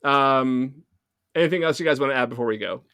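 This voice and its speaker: A man's voice: medium pitch, fairly quick, pushed and bright, smooth, no echo. A man hosting a podcast tells a long, meandering story about himself. He laughs at his own expense and swears casually. The sound is dry and close-miked, with no room in it. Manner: rambling, self-deprecating, swears casually. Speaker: podcast host.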